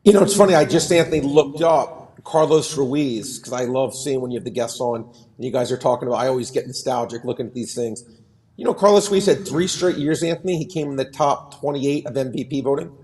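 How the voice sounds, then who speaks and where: A man's voice: medium pitch, a little fast, a little mellow. A man chatting about sports on the radio, rattling off numbers with a nostalgic tone. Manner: stat-heavy, nostalgic. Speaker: regular sports contributor. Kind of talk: casual sports chat on a call-in line.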